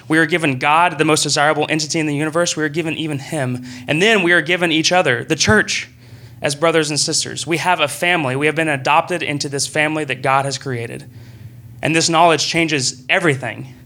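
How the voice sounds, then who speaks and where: Bright-voiced young man preaching. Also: fairly high pitch. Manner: earnest and conversational, with rising excited bursts. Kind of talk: sermon. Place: church meeting room.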